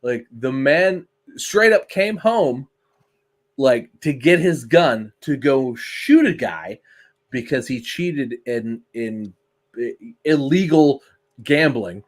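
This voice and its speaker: Guy cohosting a podcast, middle pitched voice, swears a lot, animated rambling stories. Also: slow pace. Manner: swears freely, animated storytelling. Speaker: podcast co-host. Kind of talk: casual chat.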